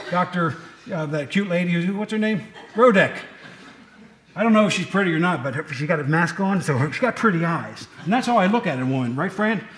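A middle-aged pastor with a high voice gives a relaxed, chatty sermon and tosses joking asides to his congregation. His voice rings out in a roomy church. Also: a little hiss or hum. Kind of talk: casual sermon.

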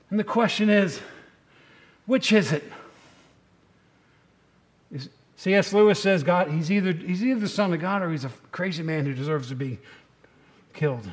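A man's voice: sits high, normal speed, long pauses. A man pastor preaching a conversational sermon, telling stories, acting out quoted voices and rising to urgent exhortation.

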